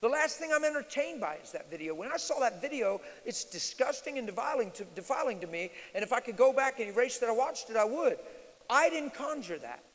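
A male preacher teaching at a live church Q&A, swinging from loud declarations to quiet asides. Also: sing-song, fairly quick. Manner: emphatic, shifts from loud declarations to low asides. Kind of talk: sermon-style Q&A teaching. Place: large church hall, live audience. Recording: reverberant hall.

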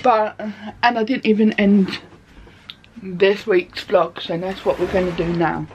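A woman's voice: mid-range voice, unhurried, darkish tone, a little hiss or hum. A woman chatting casually in her bedroom for her vlog, rambling from one thing to the next. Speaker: vlogger. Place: bedroom at home. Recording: dull lo-fi home recording.

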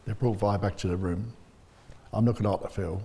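A man's voice: fairly low pitch, fairly even intonation, brisk, dark tone, slightly rough. An older man, bluntly telling his personal story as an interview guest. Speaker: bereaved father, interview guest. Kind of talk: personal testimony. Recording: long hall reverb.

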